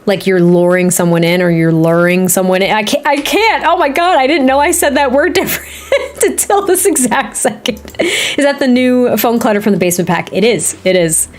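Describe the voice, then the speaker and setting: A woman with a slightly high voice talks fairly quickly as she live streams her game building. Laughing often, she rambles and chats with viewers and reads their comments aloud.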